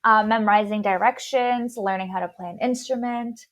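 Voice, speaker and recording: A woman's voice: mid-range voice, fairly even intonation, normal speed, a bit bright. Woman with a slight lisp explaining. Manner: explains carefully, stumbling and restarting on long words. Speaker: podcast host. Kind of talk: casual explanatory chat.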